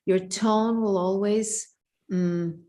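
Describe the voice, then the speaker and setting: A woman's voice: mid-range voice, steady tone, takes it slowly, warm tone. A woman speaking earnestly and reflectively in a conversation, often repeating phrases as she searches for words. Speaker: guest speaker.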